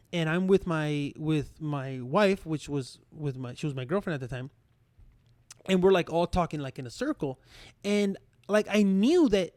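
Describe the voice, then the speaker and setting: A young man in his twenties co-hosting a podcast, telling an embarrassing story in a rambling, animated way full of fillers and restarts. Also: high-pitched, dry recording. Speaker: podcast co-host. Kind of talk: casual storytelling.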